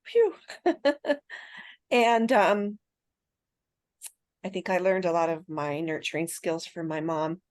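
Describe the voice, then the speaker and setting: A woman's voice: lowish voice, takes it slowly, pauses often, no echo. A woman in her sixties, a podcast guest, telling her birth story in a chatty way and laughing often.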